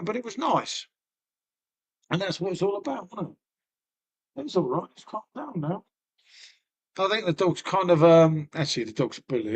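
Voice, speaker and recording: A middle-aged man talks loosely to his live-stream viewers, rambling from one thing to the next. He swears freely and laughs often, in a voice that sits fairly high for a man. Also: big pitch swings, moderate pace, long pauses, husky. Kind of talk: casual chat to a live stream.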